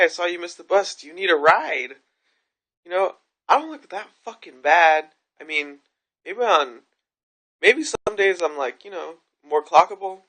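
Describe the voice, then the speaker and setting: A woman's voice: medium pitch, fairly bright tone. A woman vlogging to camera, telling a story in a frank, rambling way with plenty of swearing. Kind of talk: candid vlog monologue.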